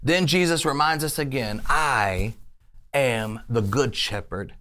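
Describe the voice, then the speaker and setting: An online faith speaker giving an energetic faith message to camera, chatty and animated, often laughing and urging listeners on. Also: mid-range voice, slow pace.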